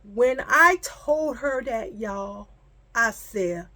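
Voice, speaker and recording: A woman's voice: a little high, drawn-out words. A pregnant woman telling a storytime vlog in a casual, profane way, acting out the people she quotes, and she says she feels sick and foggy. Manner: animated, profane, acts out the people in her story.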